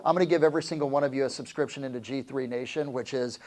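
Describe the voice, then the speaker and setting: A man's voice: medium pitch, racing. A middle-aged man coaching real estate agents in a live seminar, talking energetically and quizzing the audience. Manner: energetic, asks the crowd questions, calls for answers.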